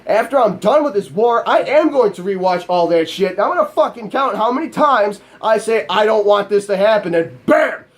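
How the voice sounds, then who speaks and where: A man's voice: high voice, lively intonation, normal speed, few pauses. A man ranting in an angry, profane and exasperated way, with self-mocking asides, as a gaming YouTuber. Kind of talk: angry vlog rant.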